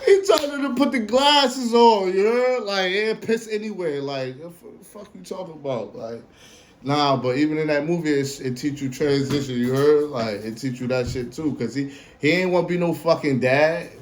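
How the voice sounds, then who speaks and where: A man in his late twenties hosting a casual solo podcast, slangy and animated, swinging between a hyped voice and a low drawl. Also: normal speed. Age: 20s. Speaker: podcast host.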